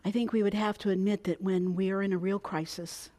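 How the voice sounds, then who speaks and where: A woman's voice: mid-range voice, fairly even intonation, fairly quick, dark tone. A woman preaching a sermon, dramatic, dropping to a whisper and rising for emphasis.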